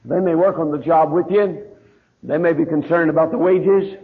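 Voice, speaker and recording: A man preaching in a church, his slightly raised voice gravelly. He slows and sinks to a hush on his key words. It comes through a thin, tinny old tape. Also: a little high. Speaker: pastor. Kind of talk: sermon.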